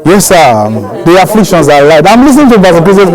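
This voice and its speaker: A man's voice: sits high, big pitch swings, fast, faint music behind, low-quality recording. A man preaching a sermon, leading the congregation in repeated commanding declarations and call-and-response. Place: church service. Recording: loud church crowd behind.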